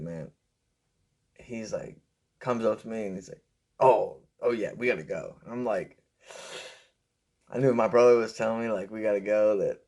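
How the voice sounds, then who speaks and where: Rambling young man telling a story. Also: a little mellow. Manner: rambling, full of fillers, acts out quotes with a raised pitch. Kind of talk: casual storytelling.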